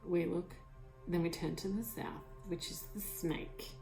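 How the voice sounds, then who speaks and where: A woman vlogger telling an emotional personal story, excited and swearing, full of fillers and whispered asides, recorded on a tablet. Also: lowish voice, a little slow. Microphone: tablet mic. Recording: lo-fi tablet recording, faint music behind.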